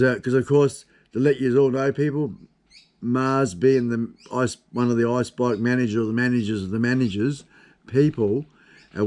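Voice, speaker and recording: A man's voice: medium pitch, darkish tone. An Australian man in his fifties chats his way through a live stream from his desk at home. His talk is loose and rambling, full of casual swearing and easy asides to his viewers. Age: 50s. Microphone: camera on desk.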